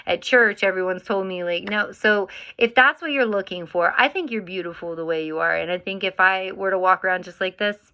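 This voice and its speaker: A woman's voice: mid-range voice, fairly quick, hardly any pauses, bright, forceful tone, smooth. A woman chatting casually to camera as a vlogger, rambling with plenty of fillers and restarts.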